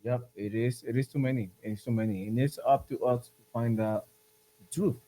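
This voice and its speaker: Brief: male podcast host with a warm, mellow tone, earnest and persuasive. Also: medium pitch, fairly even intonation, moderate pace, rough recording. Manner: earnest, urging, repeats himself. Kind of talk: casual podcast chat.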